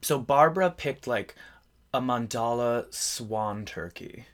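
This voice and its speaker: A young man co-hosting a casual podcast chat, telling stories in a halting, rambling way with many fillers. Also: medium pitch, fairly bright tone. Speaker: podcast co-host.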